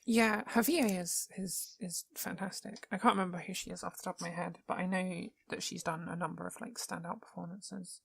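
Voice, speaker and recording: A woman's voice: fairly low pitch, fairly even intonation, a little fast, gravelly, few pauses, breathy edge. A young woman co-hosting a podcast in casual chat, thoughtful and hedging as she thinks aloud. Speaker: podcast co-host.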